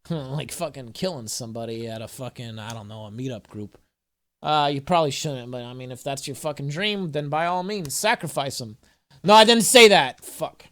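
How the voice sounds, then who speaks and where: This man, a spiritual vlogger, rambles casually at home, cracking jokes, cursing, reading an affirmation card aloud and chatting with his cat. He speaks on the high side with a slightly bright tone.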